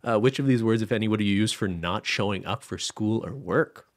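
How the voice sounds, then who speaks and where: A man with a Canadian accent co-hosting a podcast in relaxed, playful chat, teasing and laughing often. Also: lowish voice, brisk. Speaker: podcast co-host. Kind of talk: casual chat.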